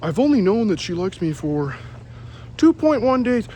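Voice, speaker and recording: A whiny young guy begs and pleads in a squeaky, strained voice, well above a normal man's pitch, as a man puts him on mid-story. He wheedles and whimpers like a desperate coworker asking for a favor. The voice sounds thin and pushed up high. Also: big pitch swings, moderate pace, dark tone, slight background noise.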